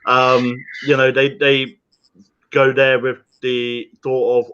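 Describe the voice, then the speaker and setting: A man talking as a guest on a livestream. He rambles cheerfully and jokes a lot, laughing between thoughts. His voice comes through as dull, lo-fi call audio at a middling pitch. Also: level tone, measured pace, a bit bright. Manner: rambling and jokey, laughing often. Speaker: guest, small business owner. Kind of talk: casual chat on a livestream.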